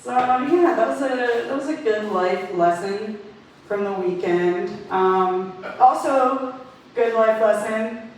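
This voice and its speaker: A woman doing stand-up storytelling, delivering dark jokes deadpan and often laughing at her own lines. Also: fairly high pitch, takes it slowly. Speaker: stand-up comedian. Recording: very echoey, distant mic, faint noise.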